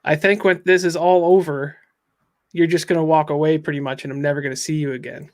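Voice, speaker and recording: A man's voice: a little high, steady tone, a little fast, a little mellow, natural voice. A man voicing a traumatized teenage boy who speaks in a wry, bitter way.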